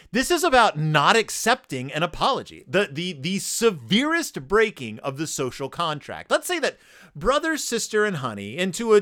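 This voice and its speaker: Male podcast host, higher-pitched, playful and jokey, crisp clear tone. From United States. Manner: playful, jokey, animated retelling. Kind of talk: casual commentary on a children's book.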